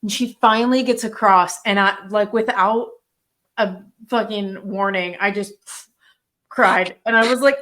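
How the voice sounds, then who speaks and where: Chatting with a friend on the podcast she co-hosts, a young woman speaks at normal speed in a voice on the high side and a bit bright. Her talk is casual, full of easy laughter and the word "like."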